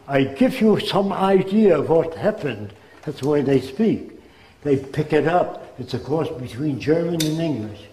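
An older American man delivers an earnest public lecture in a hall, his voice mellow and on the high side. He lectures sincerely but slips into quick impressions now and then. The hall gives the recording a noticeable echo.

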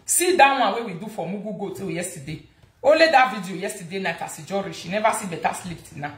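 Woman, Nigerian accent, gossip vlog host, mocking, animated, middle pitch, roomy echo. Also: quick pace. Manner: animated, mocking, repeats words for emphasis. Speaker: gossip vlogger. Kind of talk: casual gossip commentary.

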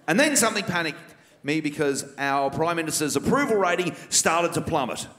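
Sardonic Australian stand-up comedian. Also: male voice, on the high side, expressive, normal speed, a bit bright. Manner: sardonic political satire. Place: large theater stage. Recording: live stage mic in reverberant theater.

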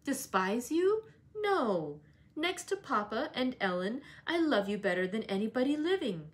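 An impulsive young lady, voiced by a woman reading aloud, earnest and pert. She speaks in a raised voice and flares up quickly. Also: on the high side, very animated, voice pushed up.

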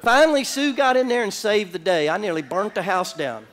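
A man from Florida preaching a sermon, telling a story with animated bursts and calls to the congregation in a church. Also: high voice, fairly quick. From Orlando, Florida. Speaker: pastor. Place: church sanctuary.

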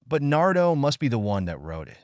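A man's voice: medium pitch, big pitch swings, fairly quick, dry recording, voice pushed up, natural voice. A man voicing a dry-witted goth teen girl in a wry manner.

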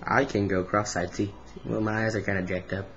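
A man's voice: on the low side, level tone, brisk, a bit bright, dull audio, slight background noise. A man clowning around in front of his webcam at a home computer, talking playfully and sillily to the camera. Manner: playful, silly, talks to the camera. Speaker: home video maker.

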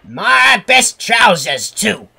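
A man's voice: medium pitch, very animated, takes it slowly, sharp tone, slightly rough, exaggerated voice. A man voicing a stout, pompous male railway boss who scolds and blusters. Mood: cross.

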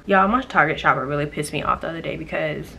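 A woman's voice: low-pitched, quick pace, a little hiss or hum. A young woman vlogging on her phone, chatting about errands and ranting animatedly about a delivery mix-up. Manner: chatty, animated storytelling with exasperated outbursts. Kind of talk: casual vlog chatter. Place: home, then out running errands. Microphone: phone camera. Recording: clear background music.

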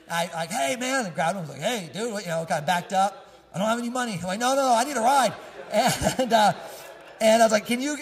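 A male pastor preaching a sermon through casual, joking personal stories, often laughing as he tells them. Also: high voice. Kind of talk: storytelling sermon. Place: church sanctuary. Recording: long echo of a church hall.

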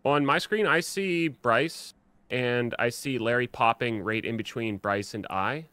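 A man streaming a game and chatting casually with friends, swearing and reacting quickly. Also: mid-range voice, sharp tone, dry recording. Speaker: gaming streamer. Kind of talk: casual gaming chat with friends. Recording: faint background noise.

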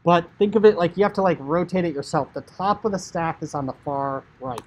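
Casual male coding teacher, breathy tone, chatty screencast narration. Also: a little high, a little fast, poor audio. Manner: chatty, filler "like", acts out inner thoughts. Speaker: high school computer science teacher.

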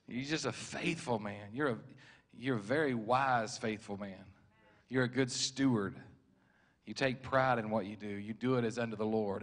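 A man, preaching prophetic words over one person in a church service. He speaks at a mid pitch, circling back over his phrases with stammered restarts and frequent chuckles. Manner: warm, repetitive, stammering restarts, chuckles often.

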